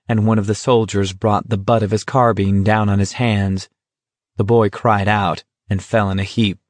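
Audiobook narrator: male, low voice, measured and steady, dry close sound. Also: no room sound.

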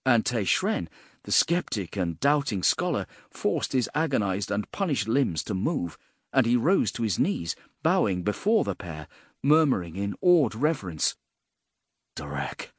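A man narrating a fantasy audiobook in a measured, expressive way, with a husky voice. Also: medium pitch, no room sound, studio quality.

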